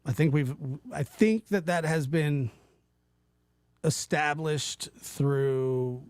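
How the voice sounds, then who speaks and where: A man hosting a casual livestream, talking to his chat in a rambling, animated way, often stopping and restarting. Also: a little high, slow, no room sound, studio quality. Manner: animated, rambling, self-interrupting, mimics voices in quotes. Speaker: livestream host reading chat.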